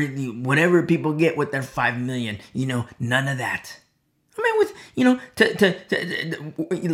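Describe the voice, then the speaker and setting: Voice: medium pitch, a bit bright. A Bible teacher giving a verse-by-verse sermon, emphatic, repeating key phrases and dropping to a whisper to stress a point. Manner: acts out the people in the text with quick voice changes.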